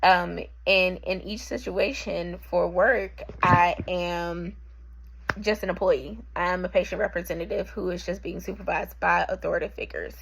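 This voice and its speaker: A young woman who works as a patient representative, talking through a class assignment in a halting way, with frequent ums and self-corrections. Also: on the low side, fairly even intonation, gravelly, slight background noise, poor audio. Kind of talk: reflective monologue for a class assignment.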